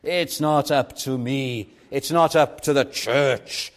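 A man's voice: medium pitch, takes it slowly, hardly any pauses. A man with a Welsh accent preaching an earnest evangelistic sermon, pleading and building to emphatic repetition.

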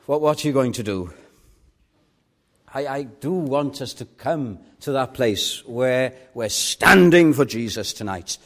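A man's voice: medium pitch, expressive, a little slow, fairly bright tone. A man with a Welsh accent preaching an earnest evangelistic sermon, pleading and building to emphatic repetition.

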